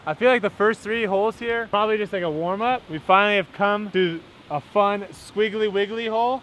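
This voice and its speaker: A man's voice: high voice, a little fast, hardly any pauses, a bit bright. A man from the Southern United States giving playful sportscaster-style commentary on a mini golf game outdoors. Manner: joking sportscaster-style play-by-play. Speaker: vlog host. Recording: dull lo-fi outdoor audio with faint noise.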